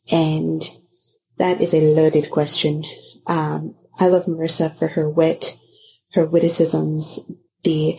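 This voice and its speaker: A woman podcast host with a very low, flat voice and plenty of gravelly fry. She speaks slowly and earnestly, in a measured tribute. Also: rough recording. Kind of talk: recorded tribute message.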